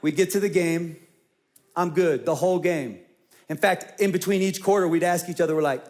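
In his forties, this male pastor preaches a sermon with a personal story, delivered lively and swinging between loud and hushed. His voice is a little high and his pace moderate.

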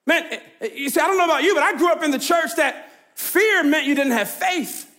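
A man's voice: very high-pitched, fairly quick, sharp tone. A man preaching a sermon as pastor, emphatic and conversational, calling out to the congregation and laughing easily.

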